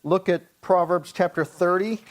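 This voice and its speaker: A man, a pastor, teaching a Bible study, reading scripture slowly and explaining it in plain, everyday talk. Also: sits high, fairly even intonation. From Hawaii.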